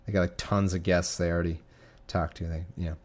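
Here the young podcast host speaks briskly in a low, slightly mellow voice that barely moves in pitch. Recording at home in a living room with his cat, he chats casually and reads scripture, rambling, running himself down, and frequently starting over or going off on tangents.

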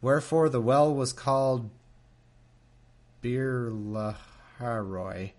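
Speaking slowly in a steady, slightly mellow mid-range voice, a man reads scripture aloud at a desk microphone. He interrupts himself often with laughing, mocking, sardonic asides, making the reading an irreverent commentary.

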